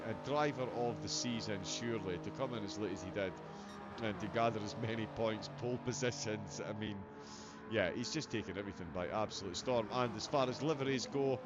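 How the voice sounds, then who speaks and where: A man's voice: on the low side, a little fast, over music. A man commentating on a sim racing event in a chatty, self-deprecating, jokey way. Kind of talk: race commentary. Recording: slightly dull audio with background noise.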